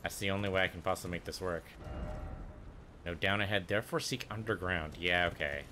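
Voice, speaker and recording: Low-voiced man mumbling gameplay commentary. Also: fairly quick, pushed and bright, slight background noise. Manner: muttering, thinking aloud to himself. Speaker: let's play gamer.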